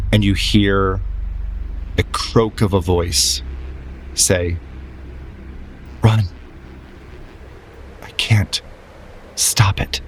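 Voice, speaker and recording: Casting: male game master, low and unhurried, dramatic descriptive narration. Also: a bit bright, slight background noise.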